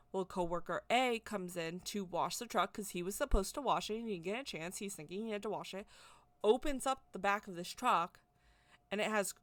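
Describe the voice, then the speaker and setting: A woman's voice: mid-range voice, fairly bright tone, dry recording. A woman vlogger telling a casual story in a rambling way, often repeating and correcting herself. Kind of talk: casual spoken anecdote.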